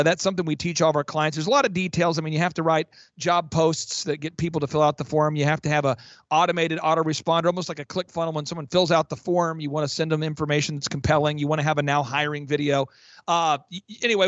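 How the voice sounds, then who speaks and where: A man working as a business coach, talking in an energetic, emphatic way with frequent restarts on a podcast. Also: a little high, fast talker, no room sound, lo-fi sound. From Oklahoma. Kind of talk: fast promotional podcast talk.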